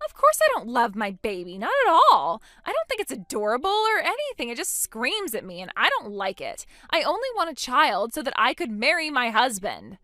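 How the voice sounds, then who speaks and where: A woman's voice: on the high side, huge pitch swings, moderate pace, hardly any pauses, pushed and bright, dry recording, studio quality, full character voice. A woman playing a scornful selfish young mother. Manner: scornful, dismissive, sneering. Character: selfish young mother abandoning her baby. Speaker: voice actor in a text-story drama. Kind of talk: scripted dialogue reading.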